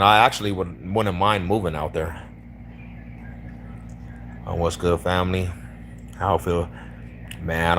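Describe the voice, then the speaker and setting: A man's voice: low-pitched, fairly bright tone, a little hiss or hum. A man from East Denver with a Denver accent, chatting casually on a live stream in a slangy, laid-back way. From East Denver, Colorado. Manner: slangy and laid-back, calls people homie, bro and fool. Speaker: livestreamer chatting with strangers.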